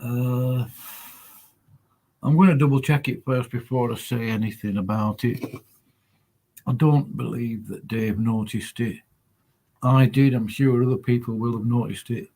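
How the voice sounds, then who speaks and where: Slow, rambling male livestream host. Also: mid-range voice, steady tone, dark tone. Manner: slow, rambling, thinks aloud with many pauses. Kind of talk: casual solo livestream chat.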